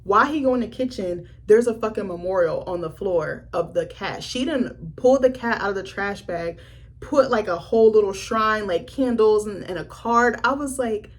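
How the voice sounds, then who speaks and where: Husky, animated young woman vlogger. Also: medium pitch, moderate pace. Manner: animated, swearing, acts out characters' lines. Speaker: film reviewer. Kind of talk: casual vlog review.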